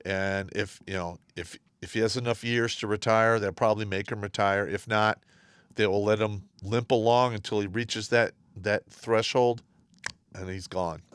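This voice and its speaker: A man's voice: lowish voice, steady tone, normal speed, a bit bright, clear, resonant tone, no echo. A man co-hosting a casual livestream, giving blunt, matter-of-fact opinions. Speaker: livestream co-host.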